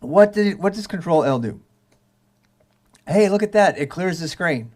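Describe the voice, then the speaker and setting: A man's voice: sits high, lively intonation, a little slow, a little mellow. A man casually teaching terminal commands on a live stream, rambling and restarting his sentences. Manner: rambling, restarts often, chuckles between points.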